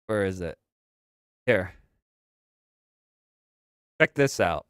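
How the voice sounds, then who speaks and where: A man's voice: low voice, expressive, drawn-out words, a bit bright, clear, resonant tone, dry recording, clean studio sound. A young man hosting a live stream, chatting casually about games and movies, rambling and repeating himself in slangy talk. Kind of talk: casual pop-culture commentary.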